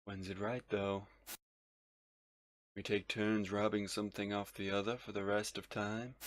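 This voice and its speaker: A man voicing a cold, menacing male agent in a video game, speaking slowly, low and threateningly. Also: little pitch movement, close to an everyday voice. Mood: cold menace. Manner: slow, low, threatening delivery.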